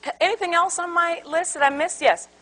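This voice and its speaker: A woman's voice: extremely high pitch, fairly even intonation, a little fast, fairly bright tone, low-quality recording. A woman giving an interactive seminar talk on conflict resolution to a live audience. She tells stories animatedly, acts out quotes and asks the room questions.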